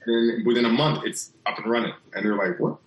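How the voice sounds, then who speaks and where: A man's voice: medium pitch, level tone, fast talker, echoey room, poor audio. A man guest on a podcast, telling stories reflectively in casual chat.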